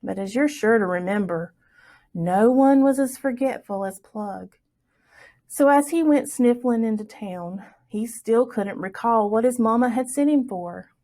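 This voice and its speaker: Storytime reader. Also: female voice, a little high, a little slow. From Southwest Virginia. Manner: expressive, lilting storytelling. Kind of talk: reading a folktale aloud for children.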